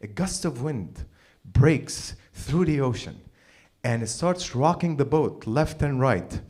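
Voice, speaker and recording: A man doing an open mic stand-up set, telling a story in an animated, profane way with sudden yelled bursts. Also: mid-range voice, takes it slowly. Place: small comedy venue stage.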